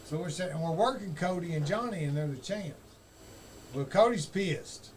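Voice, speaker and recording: Man, profane and animated, higher voice, faint hiss behind. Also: fairly quick, low-quality recording. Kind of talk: casual storytelling chat.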